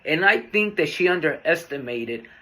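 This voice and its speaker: A man hosting a podcast, telling a personal story in a candid, earnest, unhurried way. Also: on the high side, lively intonation, bright, forceful tone. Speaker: podcast host.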